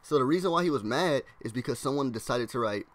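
A young man telling a storytime on his vlog, loose and slangy. He leans on "like" constantly and keeps breaking into quick impressions of his classmates. His voice sits at an ordinary middle pitch for a man. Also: animated, a bit bright. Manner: rambling slangy storytelling, heavy use of "like". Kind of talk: casual storytime narration.

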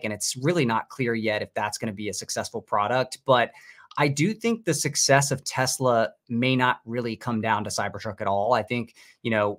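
A man co-hosting a money show, giving measured, analytical market commentary with frequent "you know" hedges. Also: medium pitch, fairly bright tone. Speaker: co-host.

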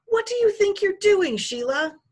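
A woman reading aloud, voicing a hot-tempered schoolboy who shouts threats. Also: very high-pitched, big pitch swings, moderate pace, pitched above the performer's own voice. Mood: angry shouting.

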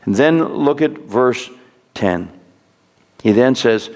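A man's voice: mid-range voice, animated, takes it slowly, pauses often, darkish tone, big-room sound. A man preaching a sermon as pastor, earnest and pleading, often repeating words as he urges his listeners on. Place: church sanctuary.

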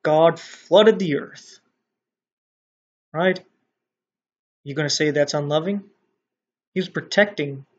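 A man preaching casually and bluntly, with mild swearing, and growing louder and more animated when he makes a point. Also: fairly high pitch, slightly rough. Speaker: online Christian commentator. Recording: dull lo-fi sound.

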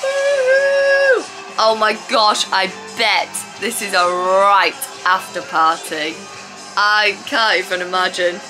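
A woman gushing and squealing excitedly as she reacts to a dance show on TV. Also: medium pitch, slow pace, low-quality recording. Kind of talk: watch-along reaction chat. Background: TV show with music playing.

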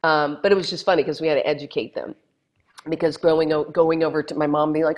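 Low-voiced woman telling lively stories. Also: quick pace. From Texas, USA. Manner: animated, acts out quoted voices. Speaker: guest, former reality show contestant. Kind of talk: casual storytelling interview.

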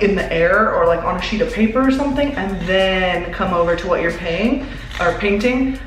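A young woman vlogging a home room makeover, chatting and explaining as she works indoors. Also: mid-range voice. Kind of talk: casual vlog narration. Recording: echoey bare room.

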